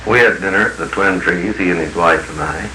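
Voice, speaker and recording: A man's voice: sits low, a little fast, bright, forceful tone, roomy sound, a little hiss or hum, rough recording. A man working as a business consultant tells blunt, folksy stories to a group in an archival 1950s recording. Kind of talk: anecdotal talk to a group.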